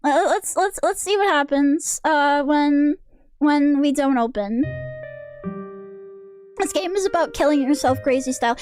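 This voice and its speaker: High voiced girl streamer giggling n cursing thru her game, music loud behind. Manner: giggly, swears casually. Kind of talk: casual gameplay commentary.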